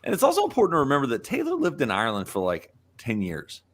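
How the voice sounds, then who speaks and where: A man's voice: medium pitch, wildly swooping pitch, fast, a bit bright. A man co-hosting a casual sports podcast, asking wry, teasing questions. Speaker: podcast co-host.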